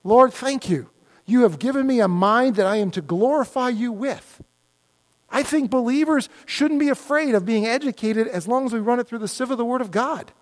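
A middle-aged male pastor giving an animated, conversational sermon full of mock dialogues. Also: very high-pitched, normal speed.

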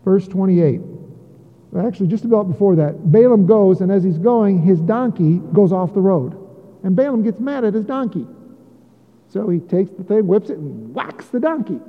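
A man's voice: high-pitched, animated, normal speed. A man preaching a sermon in a chatty way, mixing scripture with joking asides. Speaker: pastor. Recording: tinny phone-like audio with long hall reverb.

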